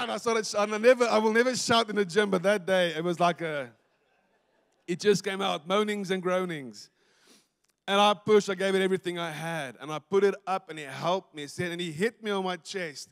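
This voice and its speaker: High-voiced South African pastor in a hall. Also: male voice, moderate pace, gravelly. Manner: animated, acts out dialogue, breaks into laughter. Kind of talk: storytelling sermon. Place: church stage. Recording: long church hall reverb.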